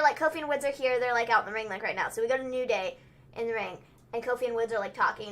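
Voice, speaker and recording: High, bright-voiced young woman host. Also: fast. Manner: animated, chatty, laughs easily. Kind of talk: casual livestream recap.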